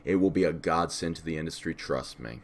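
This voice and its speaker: A man co-hosting a casual podcast, scattered and profane, with vocal fry. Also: a bass voice, fairly quick. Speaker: podcast co-host.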